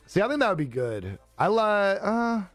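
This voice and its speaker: A man's voice: high-pitched, sing-song, moderate pace, no room sound. A young man on a live stream chatting casually with viewers, laid-back and joking, swearing freely and laughing often. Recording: dry close-mic with faint music behind.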